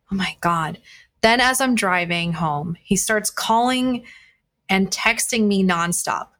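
A woman's voice: mid-range voice, fairly bright tone. A woman hosting a podcast, candidly telling a personal dating story to listeners, speaking bluntly and swearing freely, with frequent restarts. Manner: frequent restarts and fillers, conversational retelling. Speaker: podcast host.

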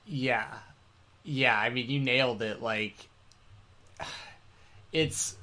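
A man's voice: medium pitch, drawn-out words, bright, forceful tone. A man co-hosting a casual podcast, talking loosely and restarting his sentences. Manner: rambling, with many restarts and laughs. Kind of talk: casual chat.

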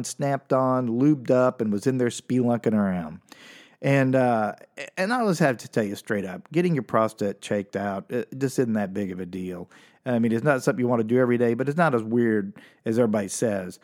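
A man doing stand-up comedy, telling a personal story with animated, exaggerated delivery and sudden jumps up for punchlines. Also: medium pitch, a little fast.

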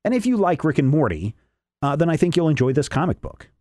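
A man's voice: a little high, big pitch swings, quick pace, darkish tone, dry recording, studio quality. A man co-hosting a casual comic review chat, rambling with frequent restarts and self-corrections. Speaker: podcast co-host reviewing comics.

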